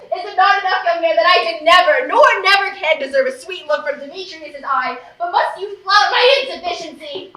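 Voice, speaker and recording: A woman's voice: extremely high pitch, lively intonation, moderate pace, hardly any pauses, pushed and bright, heavily acted. An actress playing a lovesick, self-pitying young woman, pleading in impassioned stage verse on a live stage. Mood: wounded. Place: theater stage. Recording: echoey stage, recorded from far off.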